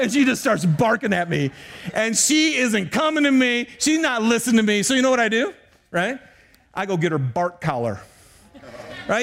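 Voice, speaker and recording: A man's voice: sits high, lively intonation, normal speed. A middle-aged male pastor preaching a sermon, telling stories with animation and often turning to speak to the congregation.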